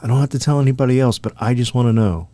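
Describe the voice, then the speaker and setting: A man's voice: medium pitch, very fast, no echo. A man co-hosting a podcast, telling a rambling story in casual chat with lots of swearing. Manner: profane, animated, rambling. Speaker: podcast co-host.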